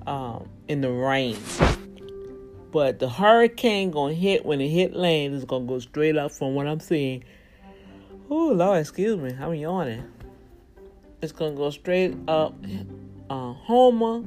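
A woman's voice: on the low side, darkish tone. A woman from Louisiana talking casually to her viewers, earnest and preachy, warning them directly. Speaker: vlogger.

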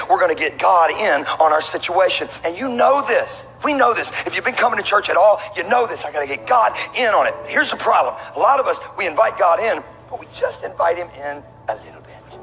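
Middle-aged man, pastor, animated sermon, forceful bright voice, long hall reverb. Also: a little high. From Texas. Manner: animated storytelling preacher with call-and-response asides. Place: large church auditorium. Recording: long hall reverb with faint room noise.

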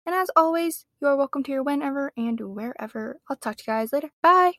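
A young woman records an upbeat, joking outro for her podcast in a fairly high voice. The sound is dry and close, with almost no room echo. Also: quick pace. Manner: upbeat, jokey sign-off. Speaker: podcast editor.

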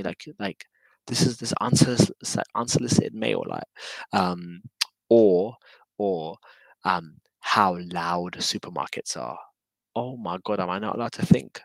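Deep gravelly London man, laid-back. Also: measured pace, dry recording, low-quality recording. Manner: laid-back, slangy, rambling with repeats. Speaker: guest, drifter. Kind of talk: casual interview chat.

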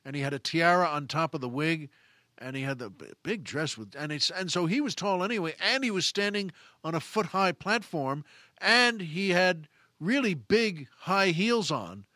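A man's voice: on the high side, expressive, normal speed, bright, forceful tone, no room sound, clean studio sound. A man hosting a podcast, telling a rambling story in casual monologue, with chuckles and restarts. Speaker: podcast host.

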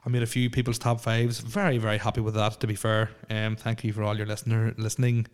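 A man's voice: lowish voice, monotone, fast talker, clear, resonant tone. A young man hosting a casual solo podcast from a house, rambling with lots of fillers, stammers and restarts. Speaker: podcast host. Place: alone in a house.

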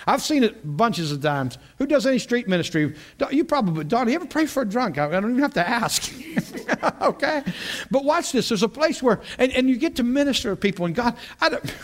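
Pastor, male, high voice, lively storytelling sermon. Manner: animated storytelling with frequent laughs and repeated words. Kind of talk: sermon, teaching a class.

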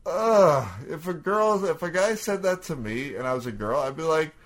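A man's voice: on the high side, moderate pace. A man co-hosting a casual chat, goofy and joking around. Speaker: podcast co-host.

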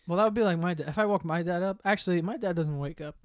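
A man's voice: high voice, fast talker, dry recording, clean studio sound. A young man hosting a casual chat with friends, telling childhood stories with a lot of laughing and swearing. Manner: laughing often, swearing, animated retelling. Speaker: podcast host. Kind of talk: casual storytelling among friends.

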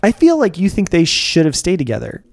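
A man co-hosting a casual chat that counts down music videos, playful and quick to laugh. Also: high voice. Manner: playful, animated, laughs often. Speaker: co-host.

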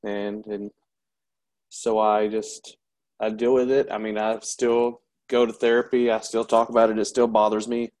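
A veteran's fairly low, level, darkish voice carries a painful personal account in an interview. He speaks openly but falters, with lots of pauses and restarts.

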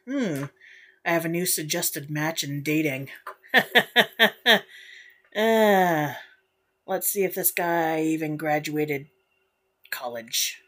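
A woman's voice: low voice, slow pace, long pauses, fairly bright tone. A young woman hosting a casual solo podcast, ranting bluntly with lots of swearing and frequent laughter. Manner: profane, blunt, laughs often. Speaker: podcast host.

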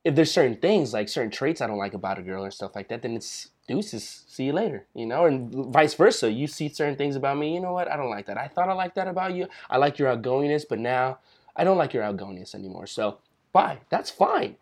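A man's voice: medium pitch, animated, brisk. A young man co-hosting a casual podcast, telling stories loosely and swearing freely. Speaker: podcast co-host.

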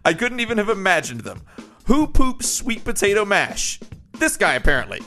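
A man's voice: high-pitched, sing-song, moderate pace, pushed and bright, soft background music. A man co-hosting a comedy podcast, reading listener mail aloud and laughing as he goes. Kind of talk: casual comedic chat.

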